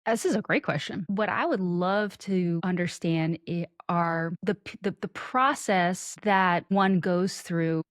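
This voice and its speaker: A lively, playful woman talks as a podcast guest from her home office. Her voice comes through a webcam, close and dry with almost no room sound. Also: on the low side, unhurried, hardly any pauses, dry recording. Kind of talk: casual interview chat. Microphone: webcam video call.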